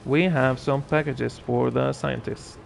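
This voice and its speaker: A man's voice: medium pitch, fairly even intonation, measured pace, vocal fry, slight background noise. A man giving casual gameplay commentary as a streamer, chatting and muttering asides to himself with dry sarcasm. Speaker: gaming streamer.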